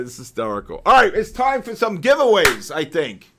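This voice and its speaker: A man hosting a live trading stream, excitable and joking as he calls out market moves to his viewers. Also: on the high side, moderate pace, noisy background. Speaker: host of a live trading session.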